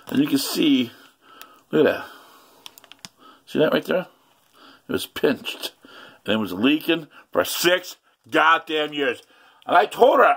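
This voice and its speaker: A man's voice: on the high side, expressive, measured pace, vocal fry, pauses often, a bit bright. Agitated, profane man ranting. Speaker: vlogger. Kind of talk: angry vlog rant.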